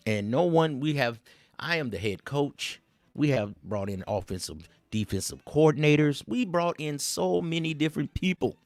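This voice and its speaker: Animated man ranting on a livestream. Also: medium pitch, no room sound. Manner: animated, preachy, street slang, frequent repeats. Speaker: livestream host. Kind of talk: casual livestream rant.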